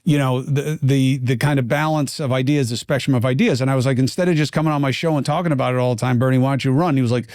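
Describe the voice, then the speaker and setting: A man hosting a podcast, talking in a conversational interview with fast, rambling asides. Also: medium pitch, a little mellow, no room sound, studio quality. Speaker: podcast host.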